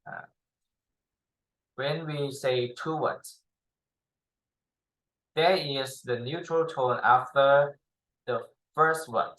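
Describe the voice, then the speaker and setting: A man with Thai as his first language teaching Chinese tones, speaking slowly with many repetitions, fillers and pauses. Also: medium pitch, a bit bright, low-quality recording. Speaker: Chinese tutor. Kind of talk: slow spoken language lesson.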